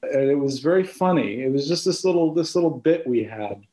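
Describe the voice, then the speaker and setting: A man's voice: fairly high pitch, animated, brisk, mellow. Reflective man recalling family memories. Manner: reflective, hesitant, many restarts. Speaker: interviewee. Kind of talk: oral history interview.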